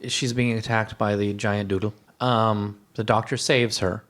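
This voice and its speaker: A man's voice: on the low side, level tone, a little slow, a bit bright. A man co-hosting a podcast, chatting casually and reading a plot recap, often hesitant and restarting his sentences. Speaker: podcast co-host.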